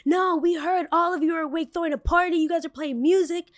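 A woman's voice: extremely high pitch, fairly even intonation, fast talker, no room sound, clean studio sound, pitched above the performer's own voice. A woman voicing a grumpy, complaining male neighbor in a told story. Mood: irritated. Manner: complaining, indignant. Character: grumpy, whiny middle-aged male neighbor.

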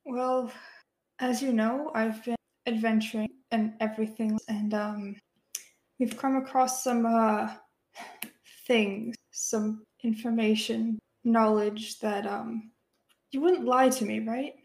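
A woman's voice: fairly high pitch, steady tone, takes it slowly, darkish tone, roomy sound, low-quality recording. A woman playing a tabletop role-playing game, talking hesitantly with many fillers and nervous laughs. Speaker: player.

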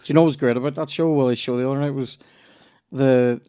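A man's voice: mid-range voice, fairly even intonation, quick pace, dark tone, clear, resonant tone. Rambling Northern Irish man, chatty storyteller. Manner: rambling storyteller with many restarts and swearing. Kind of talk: casual chat.

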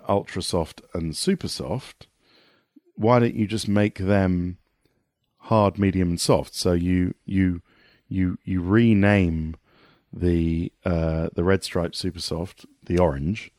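A man with a lowish voice chats as a guest pundit on a podcast. He's animated and rambling, often restarting mid-sentence. The sound is dry and close. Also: no echo. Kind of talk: casual podcast conversation.

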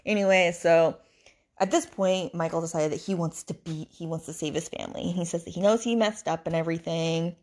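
A woman's voice: lowish voice, steady tone, a little fast, darkish tone. A woman hosting a podcast, retelling a novel in a casual, chatty way that rambles, with frequent fillers and restarts. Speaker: podcast host. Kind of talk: casual book recap.

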